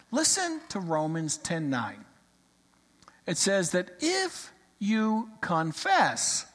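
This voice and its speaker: A man preaching a sermon, telling a folksy story in an animated, storytelling manner. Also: high voice, long reverb tail.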